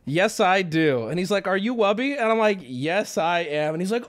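A male streamer tells his chat a story in a casual, animated way, laughing, swearing and doing voices along the way. His voice is high-pitched, at normal speed, with few pauses.

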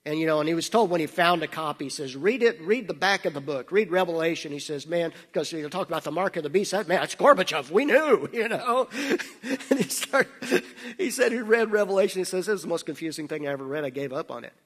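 A man giving a sermon, telling stories with laughter and dropping to a hushed voice for serious parts. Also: on the high side, brisk. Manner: anecdotal, laughing, drops to hushed tones for serious moments. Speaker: missionary speaker. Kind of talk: sermon with storytelling. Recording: long hall reverb.

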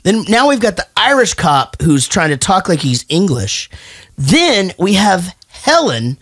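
A man's voice: sits high, unhurried, breathy edge, dry recording, clean studio sound. A middle-aged man hosting a podcast, swearing freely and telling stories in a casual chat. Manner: profane, animated storyteller. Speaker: podcast host.

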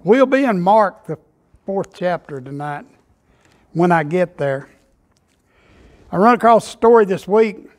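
A man's voice: sits high, darkish tone. A man preaching a sermon, telling humorous stories in a folksy way. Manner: folksy storytelling, Southern phrasing. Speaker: pastor.

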